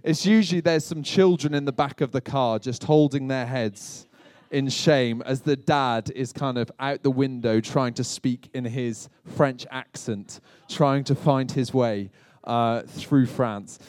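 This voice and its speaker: In a dry recording, a British pastor speaks a little slowly in a mid-range, slightly mellow voice. He delivers a humorous sermon of gentle, self-deprecating stories, often turning to chat with his congregation.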